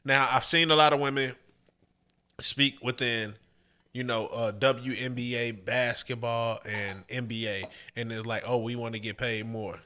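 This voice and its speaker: A man chatting casually on a podcast, relaxed and slangy, sometimes acting out other people's voices. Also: medium pitch, a little slow, smooth. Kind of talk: casual chat.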